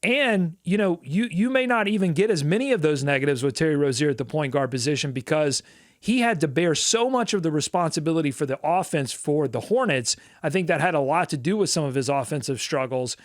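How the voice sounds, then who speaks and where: A man's voice: on the high side, brisk, no echo, studio quality. A man co-hosting a sports podcast, talking casually with lots of fillers and playful asides. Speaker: podcast co-host.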